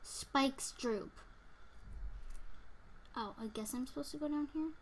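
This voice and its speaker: A young woman gamer comments on her own gameplay in a high voice at a slow pace. She's excitable, sometimes yelping and squealing, then dropping down to whispers.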